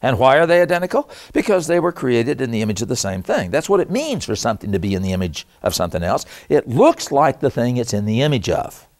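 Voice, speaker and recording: A man's voice: mid-range voice, big pitch swings, fast, few pauses, a little mellow. A man giving an emphatic, conversational lecture to an audience with slides, using asides and self-deprecating humor. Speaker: Christian apologetics lecturer.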